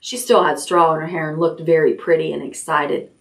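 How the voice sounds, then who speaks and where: A woman librarian reading a children's chapter book aloud at bedtime, gently, raising her voice for the characters' lines. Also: steady tone, fairly quick. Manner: gentle storytelling, lifts pitch for character lines.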